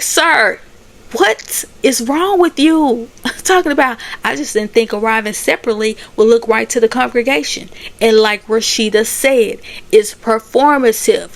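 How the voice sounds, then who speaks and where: A woman giving a sassy, chatty casual recap of TV episodes. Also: on the high side. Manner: sassy, chatty, laughs at the drama. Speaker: recap host.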